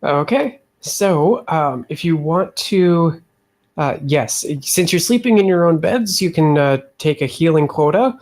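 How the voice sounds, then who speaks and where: A man's voice: a little high, lively intonation, measured pace, a little mellow. A man running a tabletop game as game master, narrating with many hesitations and easy laughs.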